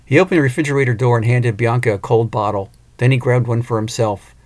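A man narrating an audiobook, expressive, with an occasional small restart. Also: medium pitch, fast talker, few pauses.

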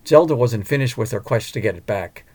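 Male audiobook narrator, mid-pitched, gravelly. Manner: measured, even storytelling.

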